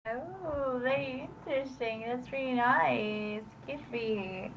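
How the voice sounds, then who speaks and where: A woman's voice: high voice, slow, low-quality recording. A woman hosting a language-learning video call, upbeat and encouraging, asking guests questions. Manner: upbeat, switches to Spanish. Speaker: host of a language-learning server.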